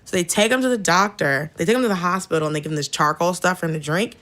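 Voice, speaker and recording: A woman with a fairly low voice and a bright, sharp edge to her tone. She tells family stories with blunt candor, laughing as she goes in a relaxed podcast chat. She is from the Southern United States. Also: rapid-fire. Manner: candid, blunt storyteller who laughs through her stories. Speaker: podcast guest. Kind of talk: casual storytelling chat.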